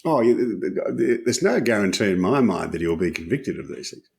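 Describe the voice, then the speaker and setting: A man co-hosting a podcast, speaking about politics in a measured, cautious way. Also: on the low side, very animated, creaky, a little mellow. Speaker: podcast co-host. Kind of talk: casual political chat.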